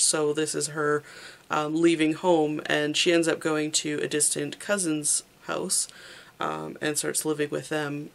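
A book reviewer talking casually through a library haul, halting often on fillers and restarts and giving candid, opinionated verdicts. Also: mid-range voice, gravelly. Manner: halting, with frequent ums and restarts.

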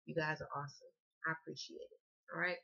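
A woman's voice: sits low, steady tone, quick pace, creaky, sharp tone, slightly rough, lo-fi sound. A woman from the American South with a Southern accent, reading tarot in a chatty, slangy way and swearing freely. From Southern United States. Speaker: tarot card reader. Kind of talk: casual tarot reading to camera.

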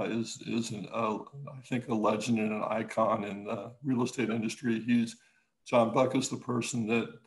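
Gravelly guy on a video call, stops and restarts a lot, gets lively telling stories. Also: lowish voice, low-quality recording. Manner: halting, many restarts and fillers, animated when telling stories. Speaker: architect, interview guest. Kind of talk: casual conversational interview.

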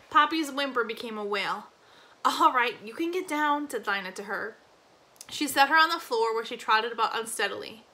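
A woman reading a novel aloud in an expressive storybook narration. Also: a little high, low-quality recording. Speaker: reader.

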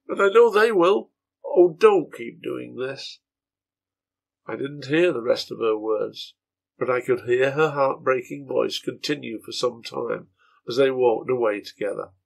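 Man narrating an old serial story, gravelly and a bit raspy. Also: mid-range voice. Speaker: translator reading his own translation. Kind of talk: reading a serialized novel aloud.

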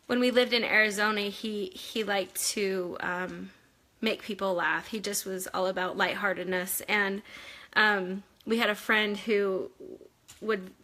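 A woman talking earnestly to supporters on a phone livestream from home, chatty and warm in her storytelling. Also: mid-range voice. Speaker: wife giving a family update to supporters. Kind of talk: casual livestream talk.

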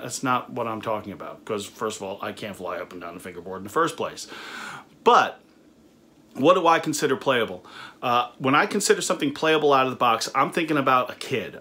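A man's voice: medium pitch, a bit bright. A middle-aged man who owns a recording studio, reviewing a budget guitar in a casual, conversational way with frequent fillers and restarts. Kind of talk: casual product review talk.

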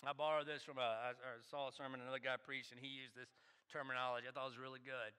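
A man's voice: mid-range voice, level tone, quick pace, sharp tone, clean tone. A male pastor preaching a sermon, telling stories in a conversational way, repeating phrases and asking rhetorical questions. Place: church sanctuary. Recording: long church hall reverb.

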